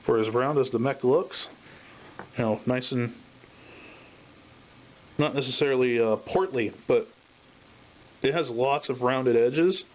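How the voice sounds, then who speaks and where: A man hosting a casual miniature painting tutorial, talking in a relaxed way while he works and sometimes trailing off mid-thought. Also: medium pitch, measured pace, long pauses. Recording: dull lo-fi sound with faint hiss.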